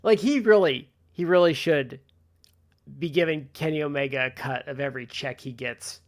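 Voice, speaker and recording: A man's voice: on the high side, normal speed. A man co-hosting a podcast, talking bluntly and mockingly in casual chat. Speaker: podcast co-host.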